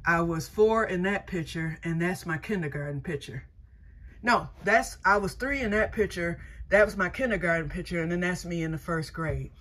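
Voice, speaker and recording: A woman's voice: fairly low pitch, normal speed, a bit bright. Rambling, self-correcting middle-aged woman. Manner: folksy, says y'all. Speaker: vlogger. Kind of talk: casual personal vlog.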